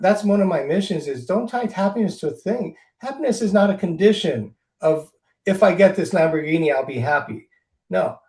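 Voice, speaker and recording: Male guest, earnest and preachy, high gravelly voice with room echo. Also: a little mellow. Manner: earnest, preachy, repeats for emphasis. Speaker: real estate guest. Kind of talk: interview answers.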